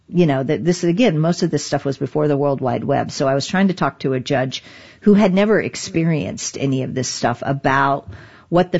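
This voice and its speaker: Low-voiced woman telling a story, animated. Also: gravelly, breathy edge, muffled recording. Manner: animated, laughs often, many restarts. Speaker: guest, digital rights lawyer. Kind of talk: conversational interview storytelling.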